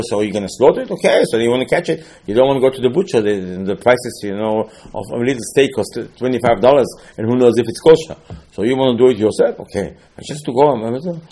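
Male preacher, husky, lively storyteller who shoots up in pitch when worked up. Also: fast talker. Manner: animated storytelling, rising to excited high-pitched outbursts. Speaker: rabbi. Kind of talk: sermon.

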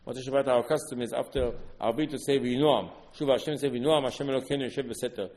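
A man giving an earnest Torah sermon, repeating words and bursting into loud emphasis. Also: mid-range voice, fast talker. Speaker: religious teacher. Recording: long hall reverb.

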